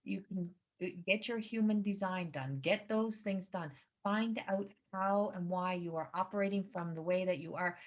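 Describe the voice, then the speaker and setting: A woman's voice: mid-range voice, normal speed, few pauses. A woman giving a channeled astrology reading at home, talking in an earnest, rambling and emphatic way. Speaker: psychic reader. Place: indoors at home by a window. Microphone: computer camera mic. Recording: slightly dull lo-fi recording.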